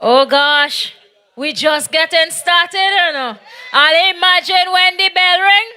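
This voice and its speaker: A woman with a Vincentian accent emcees an outdoor rally. She teases the crowd and leads chants. Her voice is very high and bright. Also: slow. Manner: hyping the crowd, teasing. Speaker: master of ceremonies. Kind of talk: rally hype and chant leading.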